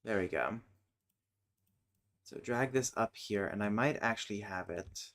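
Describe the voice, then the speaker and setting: A man streaming casually, thinking aloud as he works, muttering and humming to himself with many hesitant pauses. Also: on the low side, a bit bright. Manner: mutters and hums to himself while working; slow, hesitant, with many fillers.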